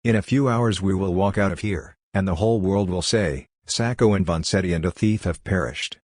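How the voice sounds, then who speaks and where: A man reading the part of a wise, tender condemned male prisoner who speaks gently and philosophically. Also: low-pitched, normal speed, dry recording, studio quality. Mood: soothing.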